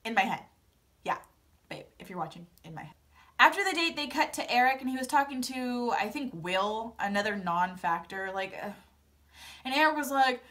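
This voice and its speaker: A woman's voice: sits high, animated, normal speed, fairly bright tone. A young woman casually recapping a reality TV episode, chatty and dramatic, acting out her own reactions. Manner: chatty, dramatic asides, playful quoted reactions. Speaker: recap vlogger.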